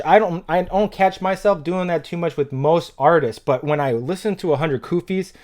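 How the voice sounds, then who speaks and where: A man hosting a music reaction, talking loosely with restarts and bursting into loud excited exclamations. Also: a little high, moderate pace, hardly any pauses. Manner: loose and conversational, many restarts. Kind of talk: casual reaction commentary.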